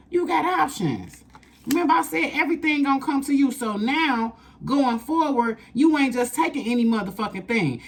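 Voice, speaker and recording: A woman doing a casual tarot reading, blunt and profane, repeating lines for emphasis. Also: on the high side. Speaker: tarot reader.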